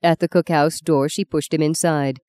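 An audiobook narrator with a low, mellow woman's voice reads a novel in measured, expressive storytelling. The scripted narration has no room sound.

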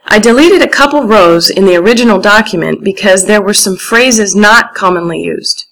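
A woman with an American accent, an English teacher reading practice phrases with clear, strong word stress. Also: mid-range voice, a bit bright, low-quality recording.

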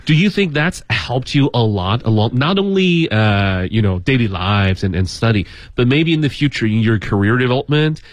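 A man co-hosting a radio talk show in a studio, relaxed and affirming as he asks questions. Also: medium pitch, moderate pace, hardly any pauses, no echo. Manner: relaxed, affirming, many mm's. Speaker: radio co-host.

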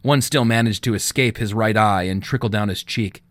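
A man narrating a novel as an audiobook, with expressive storytelling. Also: on the low side, moderate pace, no room sound. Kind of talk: scripted narration.

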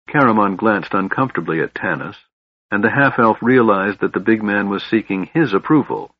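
A man reads fantasy narration in a steady, measured way. His voice sits low and slightly husky. The recording is dry and dull, with a muffled lo-fi quality. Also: no room sound. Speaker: audiobook narrator. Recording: dull, lo-fi sound.

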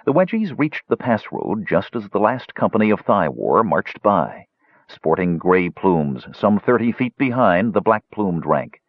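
A man in scripted audiobook narration, telling a fantasy story with animated delivery. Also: lowish voice, measured pace, slightly rough, dry recording. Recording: dull, dry lo-fi recording.

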